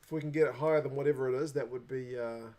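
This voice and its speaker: A man's voice: medium pitch, steady tone, rapid-fire, dark tone. A young adult man with a New Zealand accent, hosting a casual livestream, chatting away and reading viewer comments aloud. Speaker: livestream host.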